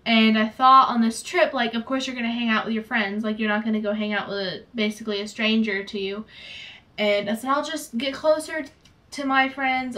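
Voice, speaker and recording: Bright, high-voiced teen girl. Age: late teens. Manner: quick, chatty, laughs easily. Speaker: guest friend. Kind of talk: casual chat. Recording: voice from a distant mic.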